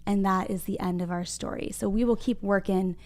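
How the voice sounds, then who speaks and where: A woman's voice: mid-range voice, fairly even intonation, fairly quick, darkish tone. A young adult woman teaching a read-aloud lesson to young children, upbeat and addressing them directly as friends. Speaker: kindergarten reading teacher.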